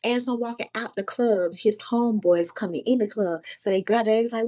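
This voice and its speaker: A woman's voice: fairly high pitch, a little fast. A woman from Florida, a podcast guest, telling a long story in casual, profane talk and acting out the quotes. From Florida, USA. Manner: animated, profane, acts out quotes.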